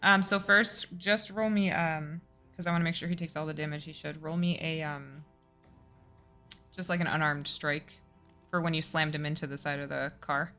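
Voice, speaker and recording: A woman's voice: deep voice, steady tone, moderate pace, sharp tone, soft background music. A woman running a tabletop game as game master, narrating the action casually and laughing easily.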